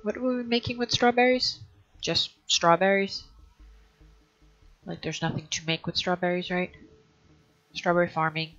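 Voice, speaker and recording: A woman's voice: fairly low pitch, fairly even intonation, moderate pace, pauses often, fairly bright tone. A woman hosting a let's play, thinking aloud in a hesitant way and often trailing off mid-sentence. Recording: dull lo-fi recording.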